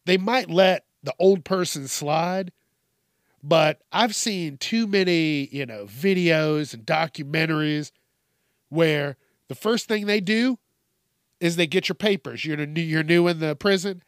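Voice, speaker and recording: A man's voice: on the high side, a little slow, fairly bright tone, no echo, clean studio sound. A man hosting a podcast who reads out news stories and reacts with outraged, profanity-heavy commentary and emphatic repetition.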